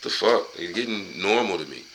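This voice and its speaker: A man's voice: low voice, animated, normal speed, fairly bright tone, slight background noise, rough recording. A man casually reading from a book aloud and going off on long profane, rambling tangents.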